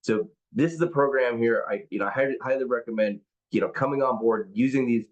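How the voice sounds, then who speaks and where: A middle-aged man, a company CEO, giving an enthusiastic sales pitch on an overview call, often restarting his sentences. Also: brisk, highs cut off. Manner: enthusiastic, promotional, frequent restarts.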